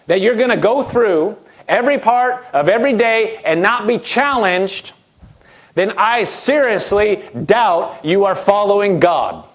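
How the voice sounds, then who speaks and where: High-voiced man preaching a sermon. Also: normal speed. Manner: direct, conversational preaching with acted-out quotes.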